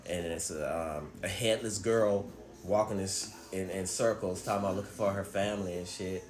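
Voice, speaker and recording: A man telling stories in casual chat, profane and animated, acting out what people said. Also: low-pitched, normal speed, reverberant. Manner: profane, animated storyteller who acts out quotes.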